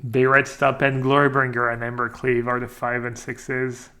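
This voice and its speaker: A man's voice: mid-range voice, monotone, normal speed, pushed and bright. A man casually commentating his own card game on a live stream, joking and thinking aloud as he plays.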